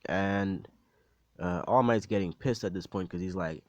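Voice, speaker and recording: A man's voice: low voice, a little slow, darkish tone. A young man casually retelling a fan-made story, rambling and profane with lots of filler words.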